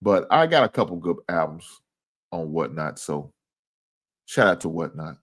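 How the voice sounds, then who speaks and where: A man hosting a casual livestream, talking with viewers and reading their comments, swinging from low mumbles to loud, cursing, exasperated rants. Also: big pitch swings, normal speed, slightly rough. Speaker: livestream sports show host.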